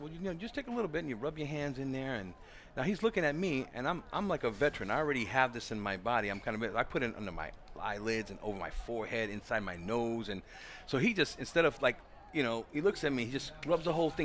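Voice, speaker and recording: A man who coaches track, giving color commentary at an outdoor meet and telling lively stories. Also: medium pitch, fast talker, slight background noise. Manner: animated storyteller, voices quoted people loudly. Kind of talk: live sports commentary with storytelling.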